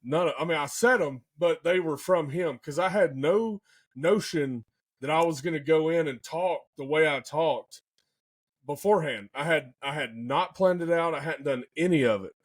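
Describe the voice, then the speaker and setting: An excitable young man with a somewhat high-pitched voice tells a hunting tale in loose, folksy podcast chat. He gets animated and carried away as he talks. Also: normal speed. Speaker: podcast hunter telling a hunt story. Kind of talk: casual storytelling chat.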